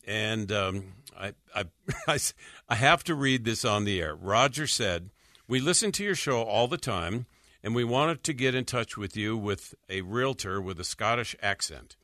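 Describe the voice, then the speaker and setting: Low, bright-voiced radio host. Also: male voice, expressive, no echo, studio quality. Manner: halting, many fillers, chuckles often. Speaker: radio show host, mortgage lender. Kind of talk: radio talk show, reading listener questions. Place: radio studio.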